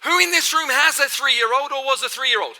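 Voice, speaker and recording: A man's voice: very high-pitched, a little fast, sharp tone. A middle-aged man giving a motivational keynote to a live audience, emphatic and repetitive, firing questions at the crowd. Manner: emphatic, repeats phrases for effect, asks the audience questions. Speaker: keynote speaker. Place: large hall before a live audience.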